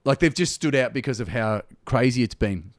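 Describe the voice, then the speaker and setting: A man's voice: mid-range voice, moderate pace, no echo, studio quality. An Australian man, a comedian guest, telling stories in a casual chat and acting out the people he quotes. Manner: animated storyteller, acts out quotes.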